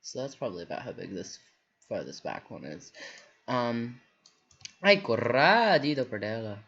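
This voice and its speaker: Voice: low voice, lively intonation, normal speed, vocal fry. A workshop instructor giving a live drawing tutorial, rambling and self-deprecating, with lots of fillers. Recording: muffled lo-fi stream audio.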